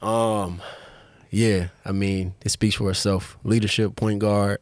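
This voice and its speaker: A relaxed man with a fairly low voice talks easily on a podcast, pausing with fillers as he gathers his thoughts. The sound is close and dry, with no room around it. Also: dry recording. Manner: laid-back, laughs often, trails off with fillers. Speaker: basketball player guest. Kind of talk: casual podcast chat.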